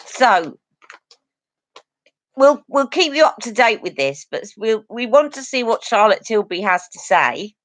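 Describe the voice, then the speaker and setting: A woman's voice: on the high side, big pitch swings, a little slow, fairly bright tone, no echo. A woman hosting a beauty live stream, chatting earnestly and directly to her viewers. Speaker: beauty channel host. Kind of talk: casual live-stream chat.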